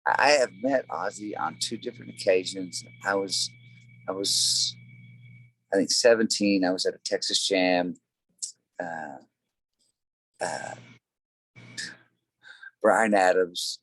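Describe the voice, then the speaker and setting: A man's voice: sits low, slow pace, pauses often, fairly bright tone, low-quality recording. A man, a singer in a tribute band, chatting as a guest in a casual interview and telling rambling stories full of fillers. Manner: rambling storyteller, many fillers.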